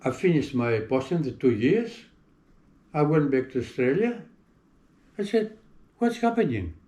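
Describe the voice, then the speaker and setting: An older man with an accent speaks in an unhurried, measured way. He tells stories from his career in a relaxed interview. He mimics the people he quotes. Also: on the high side, echoey room. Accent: non-native English accent. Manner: anecdotal storyteller who acts out quoted voices.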